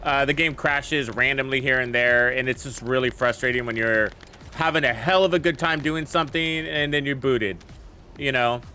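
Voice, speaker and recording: A man's voice: medium pitch, moderate pace, sharp tone, slight background noise. A man casually commenting on his gameplay and chatting about the game with viewers in a laid-back way. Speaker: gaming streamer.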